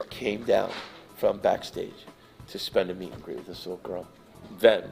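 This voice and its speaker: A man telling a story to a live audience, animated and emotional, swinging from hushed to loud. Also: low voice, creaky. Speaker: guest storyteller.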